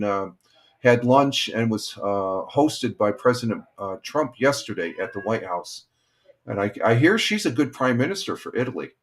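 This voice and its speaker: An older man from upstate New York hosting a live stream, casually chatting and reading viewer comments in a rambling, halting way. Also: fairly low pitch, a bit bright.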